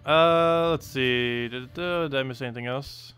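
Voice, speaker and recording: Over soft background music, a young man from the United States with a New Jersey accent streams a game and rambles casually, full of ums and uhs, often chuckling at himself. His mid-range voice is smooth and fairly bright, at a normal speed.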